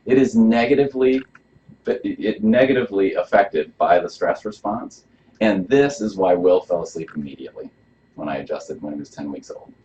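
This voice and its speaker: Low-voiced man giving a casual workshop talk. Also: a little mellow, a little hiss or hum. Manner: casual and conversational, asking the audience questions. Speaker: chiropractor leading a health workshop. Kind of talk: live workshop talk to an audience. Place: room with a small live audience. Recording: dull lo-fi recording.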